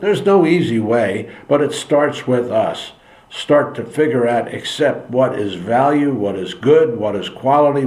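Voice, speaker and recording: A man's voice: mid-range voice, darkish tone. A man giving an earnest opinion monologue, preachy and repeating phrases for emphasis. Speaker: political commentary channel host. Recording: echoey room.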